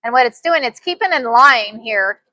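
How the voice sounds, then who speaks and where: A woman giving a casual sewing machine demonstration, chatty and excitable, repeating her phrases as she works. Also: fairly high pitch, normal speed, no echo. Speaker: sewing instructor.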